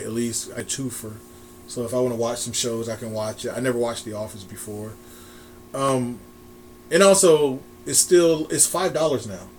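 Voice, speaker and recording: A man's voice: mid-range voice, a little hiss or hum. A man co-hosting a casual wrestling chat podcast, rambling with restarts and frequent laughs. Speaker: podcast co-host.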